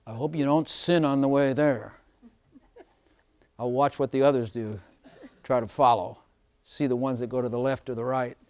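A man preaching an informal sermon, chatty and often laughing, slowing down to stress scripture lines. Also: mid-range voice, fairly even intonation, darkish tone, smooth.

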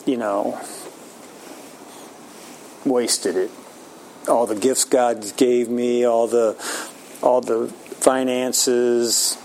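A man in his sixties talking candidly about faith, self-mocking, with frequent halting restarts. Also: mid-range voice, gravelly, a little mellow, a little hiss or hum, low-quality recording. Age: 60s. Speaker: Christian speaker. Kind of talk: casual faith talk.

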